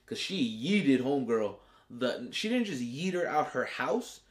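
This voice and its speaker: A man's voice: mid-range voice, big pitch swings, unhurried. Male host for a casual episode review, slangy and foul-mouthed, mid-range voice, acts out the characters' reactions.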